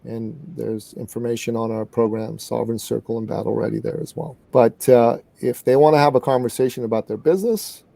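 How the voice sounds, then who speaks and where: A middle-aged man from Canada telling a story in an interview as a guest business coach, earnest and animated. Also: medium pitch, brisk, gravelly, hardly any pauses, no echo.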